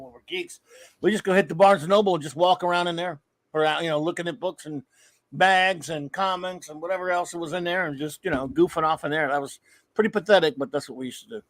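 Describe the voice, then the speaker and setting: A man with a fairly high voice rambles through casual live-stream chat, drifting from story to story and calling out to viewers in the chat. The sound is dry and close, with no room around it. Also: no room sound. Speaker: co-host of a live fan show.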